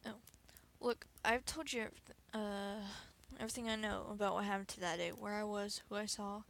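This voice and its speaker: A woman's voice: medium pitch, steady tone, fairly quick, creaky, fairly bright tone. A woman voicing a defensive, secretive male business owner in a game, curt and evasive.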